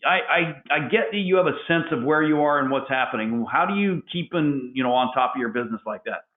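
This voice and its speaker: A man's voice: a little high, fairly quick. A man hosting a webinar who asks questions with enthusiasm and often repeats words as he rephrases. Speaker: webinar host. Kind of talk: interview questions. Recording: tinny phone-like echoey audio.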